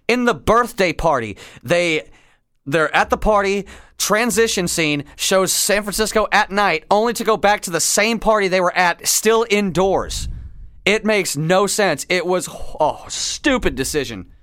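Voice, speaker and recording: Young male podcast co-host, high, smooth voice, dry close sound, exasperated rants. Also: lively intonation, unhurried, fairly bright tone, no echo. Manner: exasperated, ranting. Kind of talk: casual chat.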